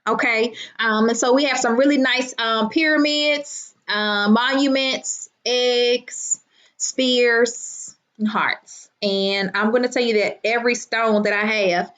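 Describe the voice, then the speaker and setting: Brash high-voiced woman hosting a livestream. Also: slow pace. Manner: loud, profane, animated, greets viewers by name. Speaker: livestream host. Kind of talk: casual livestream chat. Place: at home.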